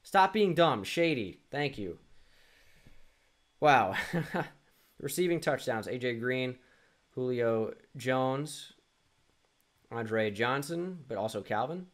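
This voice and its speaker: A man's voice: mid-range voice, lively intonation, slow, pauses often. Young man muttering through a sports quiz. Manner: muttering, self-deprecating, thinking aloud with frequent restarts. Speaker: gaming YouTuber. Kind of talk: casual self-talk while playing a sports quiz.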